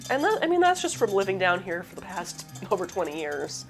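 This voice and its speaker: Sing-song and fairly quick, a mid-range female voice leads a cooking demo with casual chat and rambling asides as she cooks. She is a Southern US cooking show host whose accent mixes a light Southern lilt with Midwestern, and faint music sits behind her.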